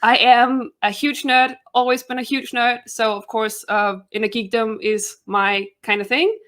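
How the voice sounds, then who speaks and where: A woman's voice: fairly high pitch, steady tone, unhurried, fairly bright tone. A young woman from Denmark with a Danish accent, a guest giving a chatty self-introduction with frequent laughter.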